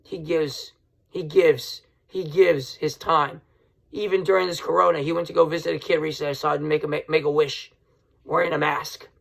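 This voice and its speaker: A man hosting his own wrestling podcast, ranting heatedly and swinging from loud outbursts to low mutters. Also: steady tone, moderate pace, vocal fry. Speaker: podcast host. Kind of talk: casual wrestling podcast rant.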